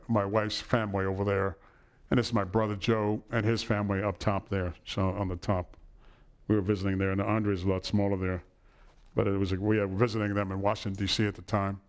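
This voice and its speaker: A middle-aged man giving a personal lecture to an audience in a hall, telling family stories and checking in with "right?". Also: fairly low pitch. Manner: warm storytelling, asks "right?" often.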